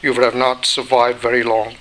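A man voicing a patient master potter who calmly explains himself in a storybook parable. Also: medium pitch, fairly quick, slight background noise, close to an everyday voice, rough recording. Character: patient old master potter, calm and firm.

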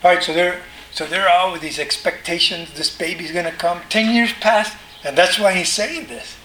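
Pastor guy preaching, chatty, keeps asking the crowd stuff, highish bright voice, echoey room. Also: normal speed. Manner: conversational, asks the congregation questions. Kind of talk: sermon teaching. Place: church hall with congregation. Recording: roomy hall sound with faint noise.

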